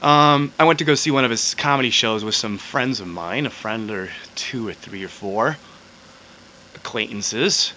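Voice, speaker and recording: Rambling, bright-voiced man telling a story. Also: mid-range voice, normal speed, a little hiss or hum, low-quality recording. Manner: rambling, swears freely, trails off into asides. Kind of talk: casual storytelling to camera.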